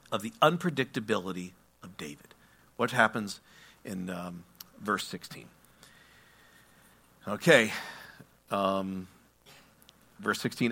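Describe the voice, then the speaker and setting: A man's voice: medium pitch, breathy edge. A man preaching a verse-by-verse sermon, reading scripture with asides and acting out quotes as he tells the story. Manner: animated storytelling with acted-out quotes; asides and self-corrections while reading scripture. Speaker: pastor.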